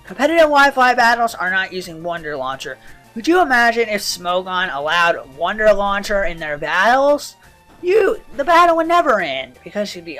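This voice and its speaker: A woman from the Southern United States talks casually over her gameplay. Her voice sits at an ordinary middle pitch. She rambles, loses her thread and jumps between tangents. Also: big pitch swings, normal speed, a bit bright, soft background music. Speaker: let's player.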